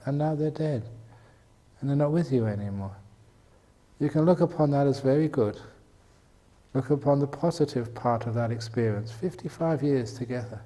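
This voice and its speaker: A man's voice: on the high side, mellow, long reverb tail. Older man giving a joking meditation talk. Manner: jokey, laughs often at his own jokes. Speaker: meditation teacher. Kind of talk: humorous dharma talk.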